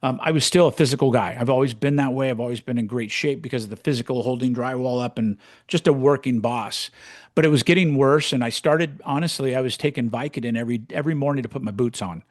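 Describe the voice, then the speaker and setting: A man in his sixties from California tells his story in a casual podcast chat. He talks bluntly and with animation, swearing freely. His voice sits at an average pitch and sounds dry and close. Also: quick pace, dry recording. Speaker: podcast co-host, real estate coach.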